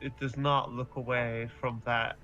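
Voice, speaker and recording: A man running a tabletop game, narrating slowly and deliberately. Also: mid-range voice, level tone, sharp tone, muffled recording.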